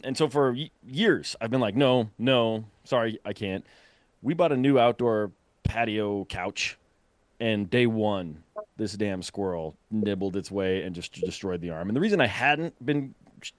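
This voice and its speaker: A man with a lowish voice tells a funny story in an easy, amused way. His voice is recorded close and dry, with no room sound around it. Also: no echo. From Colorado. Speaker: podcast guest. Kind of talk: casual chat.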